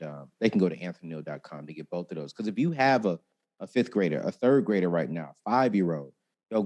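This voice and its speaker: A man in an interview, a personal finance expert telling stories expressively, acting out quotes and talking freely. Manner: expressive, acts out quotes with big pitch jumps, talkative. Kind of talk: animated interview storytelling.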